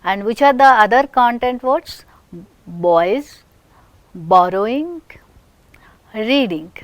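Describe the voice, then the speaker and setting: A woman with an Indian English accent lecturing on phonetics, speaking deliberately with frequent restarts and example sentences. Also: a little high, expressive, no echo.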